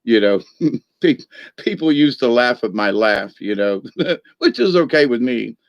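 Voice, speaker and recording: Slow, rambling, jokey man. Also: medium pitch, lively intonation, gravelly, no echo, lo-fi sound. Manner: rambling and jokey, cackles often. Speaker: host of a Catholic channel. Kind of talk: casual livestream chat.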